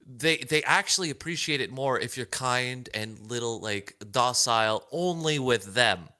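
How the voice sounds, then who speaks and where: A man co-hosting a casual chat, earnest and emphatic in his views. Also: unhurried. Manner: earnest, emphatic, pitch jumps when excited. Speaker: podcast co-host.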